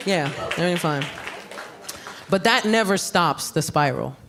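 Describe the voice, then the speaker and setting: A brash woman with a New York accent working a comedy club crowd on a handheld mic. Her punchlines jump up loud and animated. The live recording carries clear room noise around her. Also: fairly low pitch, normal speed. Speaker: stand-up comedian. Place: comedy club stage with audience.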